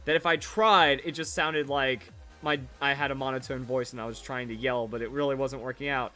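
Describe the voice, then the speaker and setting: A man's voice: medium pitch, fairly even intonation, a little fast, bright, forceful tone, faint music behind. A man in his twenties chatting casually over his old videos, rambling and repeating himself with verbal tics. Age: 20s. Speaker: Pokemon YouTuber.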